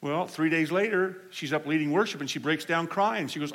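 A man preaching a sermon, telling healing stories in an animated way and acting out the people he quotes. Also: on the high side, brisk, hardly any pauses. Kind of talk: storytelling sermon. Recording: hall reverb.

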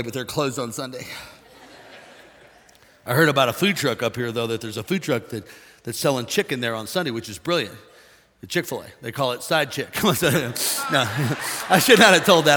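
Joking older preacher in a big hall. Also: male voice, mid-range voice. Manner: folksy, jokey, swings from hushed to shouting. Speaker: pastor. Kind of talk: sermon.

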